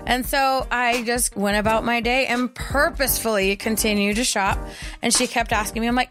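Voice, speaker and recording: A woman co-hosting a podcast, retelling a story in a heated, profane, animated way in casual chat. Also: on the high side, normal speed, over music. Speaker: podcast co-host.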